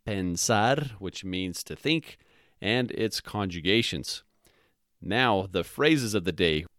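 A man's voice: lowish voice, fairly bright tone, dry recording, clean studio sound. A man hosting a language lesson podcast, patiently spelling out words and repeating each phrase. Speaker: podcast host, Spanish teacher.

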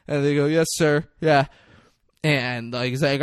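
A man in casual chat, retelling a film scene with lively acted-out lines and plenty of swearing. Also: fairly high pitch, measured pace, smooth, no echo, studio quality. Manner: animated storyteller, acts out lines, swears freely.

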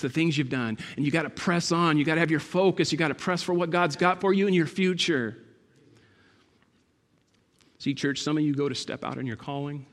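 A man preaching a sermon in a church, emphatic and building to loud, passionate peaks. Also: fairly high pitch. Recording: long hall reverb.

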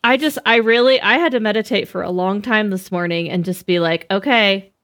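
A woman entrepreneur in casual conversation, animated and playful, tossing in joking asides. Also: medium pitch, brisk.

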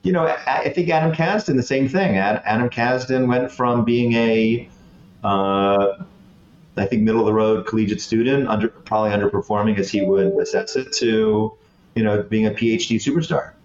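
A man's voice: on the low side, moderate pace, darkish tone, reverberant, muffled recording. A man in his late fifties, a guest telling stories in a chatty, self-deprecating way with many restarts. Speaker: guest, former head boy. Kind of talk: casual conversation.

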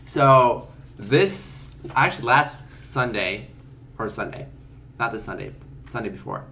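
A young man begins a story among friends, hesitant and correcting himself mid-sentence. His voice sits in an ordinary middle range. Clear background noise runs under his talk. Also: medium pitch, animated, measured pace, sharp tone. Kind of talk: casual chat with friends.

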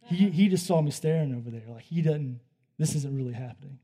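A man delivers a sermon in an easy, conversational manner, as if talking to friends. His voice sits slightly high, with a warm, mellow tone and a husky, breathy edge. He drops to near-hushed passages and then rises to loud, excited ones. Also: a little fast. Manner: conversational, animated storytelling that swings from hushed to loud. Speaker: preacher. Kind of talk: sermon with storytelling.

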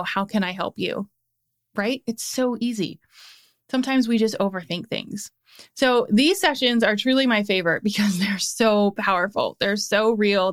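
A young adult woman hosting her own motivational podcast, speaking straight into a podcast mic. Her voice sits a little high and comes across smooth and clear. She keeps things upbeat and encouraging, repeating her key points for emphasis. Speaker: podcast host. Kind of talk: motivational solo podcast talk.

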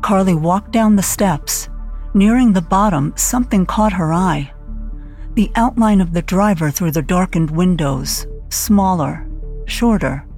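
A woman's voice: on the low side, measured pace, soft background music. Woman narrating an audiobook dramatically. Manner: steady dramatic reading.

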